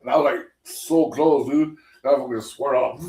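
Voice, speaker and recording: A man on a casual livestream, his voice at a middling pitch. He speaks bluntly and profanely in halting bursts, sitting back from the mic in an echoey room. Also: a little mellow, distant mic.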